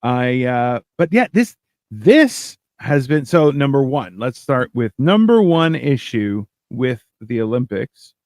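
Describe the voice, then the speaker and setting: A man's voice: medium pitch, very animated, slow pace, darkish tone, no room sound. A man hosting a podcast, chatting casually in a rambling, joking, self-mocking way. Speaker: podcast host. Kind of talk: casual comedic chat.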